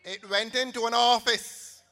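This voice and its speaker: A man's voice: very high voice, fairly even intonation, unhurried, bright, forceful tone, big-room sound. A Barbadian man giving a theatrical, sarcastic campaign rally speech. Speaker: political campaign speaker.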